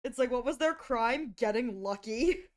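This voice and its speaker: A woman live-streaming, chatting casually to her viewers with excitable exclamations and frequent giggles. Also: fairly high pitch, normal speed.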